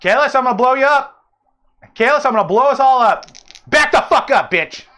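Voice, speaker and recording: A man voicing his tabletop character, a cornered man shouting profane threats to blow everyone up. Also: high-pitched, big pitch swings, moderate pace. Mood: threatening.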